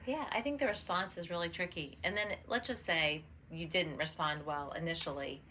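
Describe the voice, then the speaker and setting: A woman's voice: on the low side, normal speed, pushed and bright. A young adult woman co-hosting a podcast in casual chat, with lots of "like"s and restarts. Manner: talks with many "like"s and restarts. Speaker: podcast co-host. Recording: dull lo-fi sound with faint noise.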